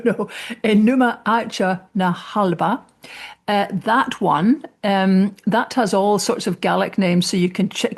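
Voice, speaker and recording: A woman's voice: mid-range voice, a little mellow. Chatty Scottish woman podcast host. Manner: chatty, laughing, many restarts. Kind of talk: casual podcast chat.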